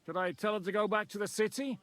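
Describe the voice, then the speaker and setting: A man's voice: high voice, fast talker, fairly bright tone, dry recording. A man voicing a blunt male rebel commander in a video game, curt and commanding, with swearing. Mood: stern.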